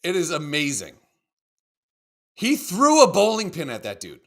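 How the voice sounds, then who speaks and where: A man co-hosting a podcast, chatting casually about videos in a profane, excitable, rambling way. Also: on the high side, measured pace. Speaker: podcast co-host. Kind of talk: casual chat reacting to videos.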